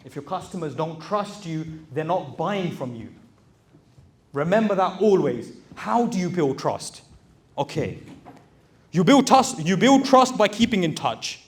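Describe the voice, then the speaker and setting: Male, 30s, high voice, motivational speaker, plain-spoken and pushy. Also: sing-song, measured pace. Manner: direct, exhorting, addresses audience as brothers. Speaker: motivational speaker and recruitment business owner. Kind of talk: motivational talk to a live audience.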